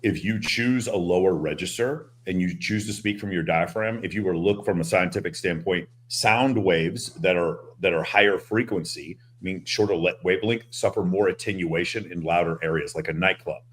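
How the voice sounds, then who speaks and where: A man in a group talk, explaining things in a deliberate, somewhat nerdy way. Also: deep voice, fairly bright tone. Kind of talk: casual group chat on a stream.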